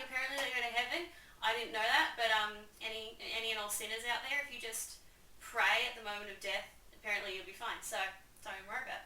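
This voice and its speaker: A woman's voice: a little high, fairly even intonation, a little fast, pushed and bright, echoey room, far from the mic, a little hiss or hum, low-quality recording. A young woman hosting a video, giving an enthusiastic, sarcastic, chatty summary. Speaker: video host. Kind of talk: casual comedic summary.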